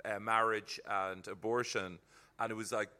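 A man's voice: on the low side, steady tone, moderate pace, bright, forceful tone. A man from Ireland, a comedian telling reflective stories in casual chat. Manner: storytelling, reflective. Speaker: comedian guest.

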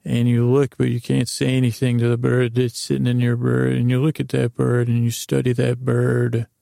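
A man telling a meandering, improvised sleep story, halting often with ums and restarts. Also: mid-range voice, monotone, creaky, mellow, dry recording, studio quality. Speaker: podcast host.

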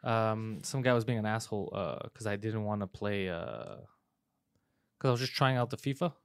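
A man hosting a comedy podcast, telling stories in fast, profane casual chat with lots of fillers. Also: lowish voice, lively intonation, gravelly, smooth, no echo, studio quality.

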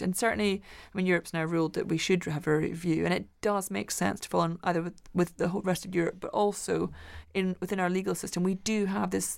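A woman's voice: on the low side, creaky. A woman from Glasgow, a guest in an interview, chatting eagerly and often restarting her sentences. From Glasgow, Scotland. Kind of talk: casual interview talk.

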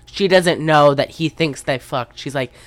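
A woman's voice: low-pitched, measured pace, no room sound. A young woman recapping a movie in casual chat, rambling and profane, acting out the characters' lines. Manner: rambling, profane, acts out quotes.

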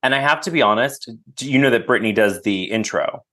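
A man's voice: medium pitch, brisk, sharp tone. A man as a podcast guest, chatting casually and enthusiastically with lots of fillers. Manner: enthusiastic, gushing, filler-heavy.

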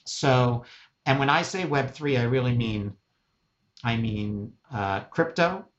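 A middle-aged man talks in an emphatic, animated way, punctuating his points with quick "right?" checks. His voice sits in a middle pitch, and the audio sounds a little dull and muffled. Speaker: media executive guest. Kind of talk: casual interview talk.

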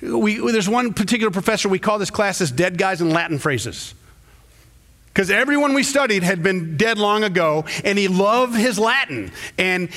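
In a church, the middle-aged pastor shares stories during his sermon, voicing quotes with sudden pitch jumps. His tone comes across as fairly bright.

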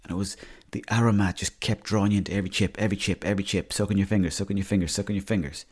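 A man's voice: low-pitched, fairly even intonation, rapid-fire, darkish tone, slightly rough. A young Irish man hosting a podcast, telling rambling, sweary comic stories. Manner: swears freely, storytelling. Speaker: podcast host.

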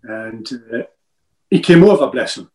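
A man's voice: medium pitch, expressive, measured pace, darkish tone, rough recording. A man, a former footballer telling rambling, joking stories in an interview and often repeating himself. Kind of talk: casual interview chat.

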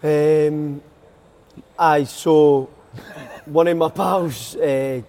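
A man's voice: a little high, steady tone, drawn-out words, warm tone. A young Scottish man, a footballer telling stories in a casual podcast chat, laughing often. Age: young adult. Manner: chatty storyteller, laughs a lot.

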